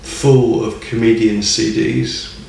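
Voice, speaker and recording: A man's voice: lowish voice, little pitch movement, takes it slowly, creaky, darkish tone, far from the mic, slight background noise. A man chatting casually as a podcast guest, rambling and enthusiastic and chuckling often. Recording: echoey room, off mic.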